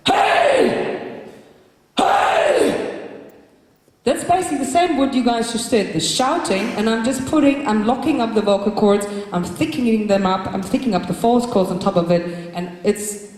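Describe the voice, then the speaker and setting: Woman vocal coach, live workshop in a big hall, instructive delivery with sudden demonstration shouts, very reverberant room sound. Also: fairly high pitch, brisk. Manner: instructive, breaks into loud demonstration shouts and growls. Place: large hall with a live group. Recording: very echoey hall from a distance.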